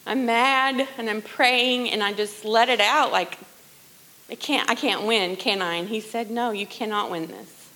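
A middle-aged woman sharing a personal testimony in church, earnest and conversational, often dropping to a hushed voice. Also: on the high side, unhurried, poor audio. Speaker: worship leader sharing testimony.

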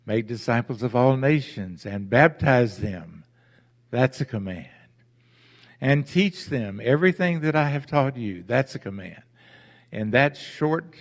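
A man, a pastor, preaching a sermon with deliberate emphasis and rhetorical questions to his congregation. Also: medium pitch. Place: church sanctuary. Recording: church hall with long reverb.

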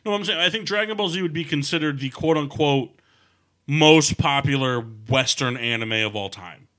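A man's voice: fairly high pitch, moderate pace, fairly bright tone. A man hosting a podcast in casual chat, crude and joking, steering the talk between his co-hosts. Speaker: podcast host. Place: studio.

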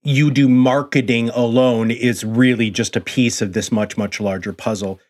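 A man's voice: mid-range voice, fairly even intonation, moderate pace, darkish tone. A man hosting a podcast, asking questions casually and repeating words as he searches for the phrasing. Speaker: podcast host. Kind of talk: interview questions.

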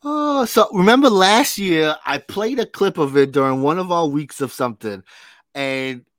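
A man's voice: a little high, animated, normal speed, a bit bright, no echo, clean studio sound. A man co-hosting a casual pop culture podcast, laid-back, laughing often and calling his cohost bro. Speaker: podcast co-host.

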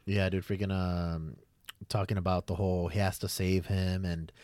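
A man's voice: deep voice, moderate pace, dry recording. Young guy hosting a podcast, hyped and rambly, swears a lot, dry close mic. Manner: excitable, rambling, swears freely. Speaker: podcast host. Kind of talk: casual chat.

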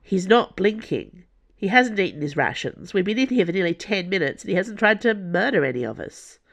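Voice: medium pitch, very animated, a little fast, gravelly, fairly bright tone, pitched above the performer's own voice, heavily acted. The narrator voicing an observant young woman musketeer who speaks in urgent, clipped bursts.

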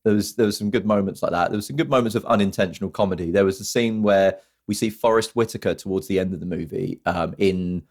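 A man's voice: deep voice, fast talker, few pauses. A man co-hosting a podcast, chatting casually about films and acting out scenes as he retells them. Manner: animated storytelling, acts out scenes in mock voices. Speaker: podcast co-host. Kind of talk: casual film-review chat.

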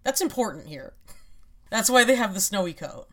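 A woman's voice: mid-range voice, sing-song, normal speed, a bit bright. A woman hosting a casual podcast, explaining a topic in a wry, rambling way and laughing often. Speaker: podcast host.

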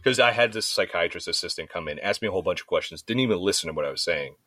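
A man with a very low voice but a bright, forceful edge tells frank, swearing stories in a casual chat, slipping into the voices of the people he quotes. The sound is close and dry, with no room around it. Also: animated, racing, no room sound. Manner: candid, swearing storyteller who acts out quoted voices.

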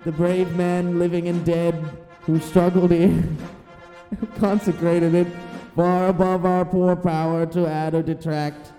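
A man putting on the voice of a solemn old statesman, slowly declaiming a speech. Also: high voice, level tone, soft background music, rough recording. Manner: slow, declaiming, loud. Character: solemn old male president giving a speech.

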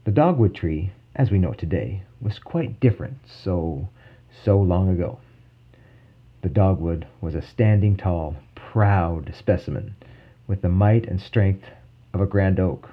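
Man, low deep voice, very mellow, solemn measured storyteller, lo-fi muffled sound, faint birds behind. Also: slightly rough. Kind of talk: scripted narration of a legend. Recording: dull lo-fi recording with faint birdsong.

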